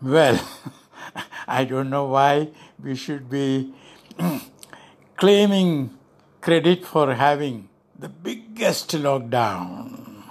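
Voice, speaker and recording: An older man, a former ambassador, answering an interview question in a measured, emphatic way, stressing key words. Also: mid-range voice, expressive. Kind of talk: deliberate spoken commentary.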